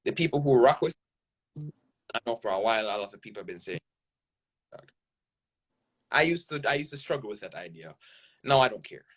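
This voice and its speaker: A man's voice: medium pitch, fairly quick, long pauses, husky. Jamaican man telling stories with emphasis. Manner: animated, emphatic storytelling with frequent "right?" tags. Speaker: guest content creator. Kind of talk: casual interview talk.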